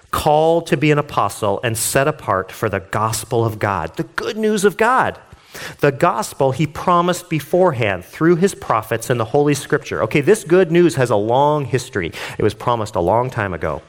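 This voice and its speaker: A man's voice: mid-range voice, expressive, moderate pace. Earnest man reading and explaining scripture. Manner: earnest, gets worked up; reads scripture then explains it conversationally. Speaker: Bible teacher. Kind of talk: devotional Bible reading and commentary.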